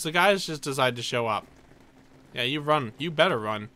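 A young man giving excitable let's play commentary, narrating his own moves with dramatic panic. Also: medium pitch, moderate pace. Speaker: gameplay commentator.

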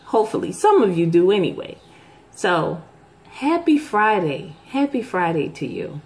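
A middle-aged woman hosting a vlog, chatting casually to her viewers and telling a story, jumping up in pitch to act out the voices she quotes. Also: very animated, unhurried, a little mellow. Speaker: vlog host.

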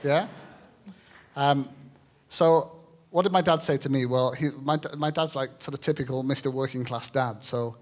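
A man from England's Lake District, an author speaking on stage at a live event, talking in an earnest, halting way with many fillers. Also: medium pitch. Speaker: author and shepherd guest speaker. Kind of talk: public talk with reading and Q&A.

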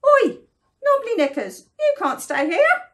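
A bossy little mouse from a storybook, squeaking high and bright, as a woman reads him. His voice jumps all over with cheeky force. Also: sing-song, a little slow, full character voice.

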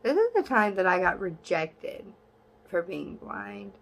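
A young woman vlogging in a casual, blunt and sassy way, cursing freely, with her voice jumping high when she is exasperated. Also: big pitch swings, unhurried. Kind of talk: casual talk to camera.

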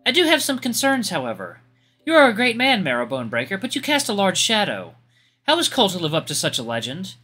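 A man's voice: high-pitched, wildly swooping pitch, fast, sharp tone, breathy edge, soft background music, voice pushed up, heavily acted. A man voicing a formal, earnest young woman knight with a courteous manner.

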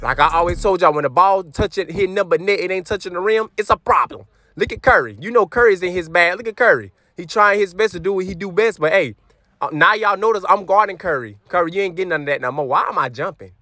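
Young guy yelling and trash talking over his basketball game, high bright voice, sing-songy bits, faint game music behind. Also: fast, no echo, studio quality. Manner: loud, animated trash talk to chat, sometimes sing-song. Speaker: gamer commenting on his basketball video game. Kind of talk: hyped gameplay commentary.

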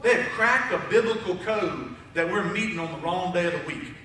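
Guy preaching, high voice, jokey and chatty, mic kinda far, big echo from the church. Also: a little fast, background noise. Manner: conversational, joking preacher. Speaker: pastor. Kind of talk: sermon. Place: church sanctuary.

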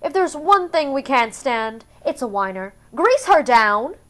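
A woman's voice: sits high, big pitch swings, measured pace, fairly bright tone, exaggerated voice. A woman voicing a flamboyant, preening male stylist who talks in a bossy, affected way.

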